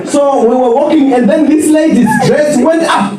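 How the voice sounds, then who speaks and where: A man preaching a lively sermon at a men's conference, joking, laughing often and acting out quotes. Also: very high voice, slow, over a noisy crowd. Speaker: pastor. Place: large church hall. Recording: echoey hall recording from far off, with audience.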